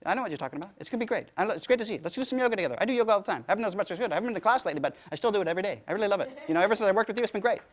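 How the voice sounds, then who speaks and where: A man imitating a chatty, overeager friend who talks in a rapid, gushing run-on stream. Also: high-pitched, expressive, voice pushed up. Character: chatty, overeager adult man, nonstop talker.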